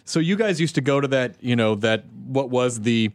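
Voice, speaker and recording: A man's voice: mid-range voice, moderate pace, dry recording. A man hosting a podcast in casual interview chat. He jokes and interjects often. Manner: chatty, joking, interjects often. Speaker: podcast host.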